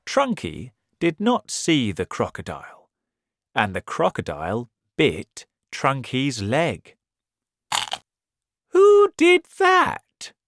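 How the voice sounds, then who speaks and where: A woman slowly reading a children's story aloud as an English lesson, clear and deliberate. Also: rumbling low, wildly swooping pitch, no room sound. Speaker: reader.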